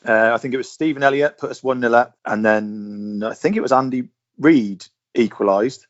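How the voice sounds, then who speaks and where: A man with a mid-range voice tells a casual story, measured and careful to set the scene. The audio is dull and lo-fi, like an online call. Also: medium pitch. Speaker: podcast guest.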